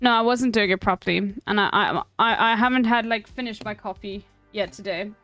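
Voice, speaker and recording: A South African woman streamer reading an article aloud in casual chat, breaking off with wry, swearing asides and halting restarts. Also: mid-range voice, a bit bright, no echo, faint music behind.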